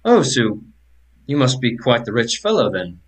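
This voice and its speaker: A man's voice: medium pitch, very animated, moderate pace, slightly rough. A man voicing a friendly, talkative male tavern keeper in a tabletop game, speaking in a folksy, eager way.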